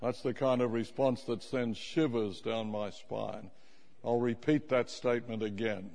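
Male preacher, unhurried and emphatic, playful with the congregation, recorded in a reverberant hall. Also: mid-range voice, steady tone, vocal fry, darkish tone. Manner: emphatic, slowing to stress key words, teasing the congregation. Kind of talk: sermon.

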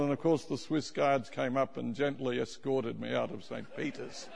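A man preaching a sermon, stressing key words slowly and teasing his congregation. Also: mid-range voice, steady tone, gravelly, darkish tone, big-room sound.

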